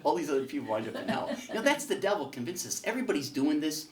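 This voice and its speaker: A man's voice: a little high, very animated, racing, reverberant. Folksy man teaching from across the room. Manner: storytelling, folksy, with fillers. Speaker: catechism teacher. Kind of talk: casual classroom teaching with a told joke. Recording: voice picked up from a distance.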